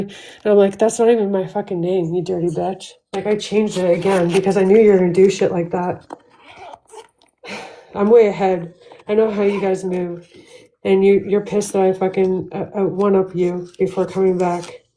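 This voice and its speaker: A woman's voice: medium pitch, warm tone, slight background noise, poor audio. A woman venting angrily and swearing a lot on her own livestream, talking straight into her phone. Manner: profane, venting, fast restarts. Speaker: livestream host. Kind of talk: heated livestream rant.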